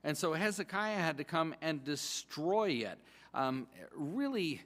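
A pastor giving a sermon in a conversational, excitable way, often restarting his sentences. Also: a little high, a little slow, in a large hall.

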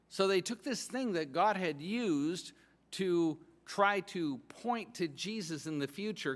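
A pastor giving a sermon in a conversational, excitable way, often restarting his sentences. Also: a little high, big-room sound.

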